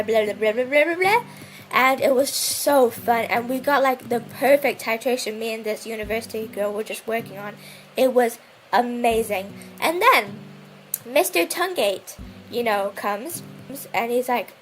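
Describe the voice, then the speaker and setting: A young woman telling a story in casual chat, animated and indignant. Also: fairly high pitch, a little slow, faint music behind. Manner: animated, indignant ranting with mocking voices.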